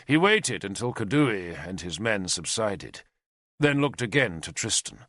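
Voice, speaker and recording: A man's voice: on the low side, sing-song, a little slow, sharp tone, no room sound, clean studio sound. A man narrating an audiobook expressively, voicing every character. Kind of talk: scripted narration.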